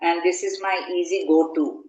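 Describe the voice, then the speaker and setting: A woman's voice: lowish voice, moderate pace, reverberant, highs cut off. A woman in a study group casually explaining why she prefers a book. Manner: relaxed, uses fillers like you know.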